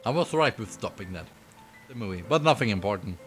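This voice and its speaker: A man streaming himself reading a visual novel aloud, breaking off into giggly, excitable asides. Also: fairly low pitch, a little fast. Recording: faint game music behind.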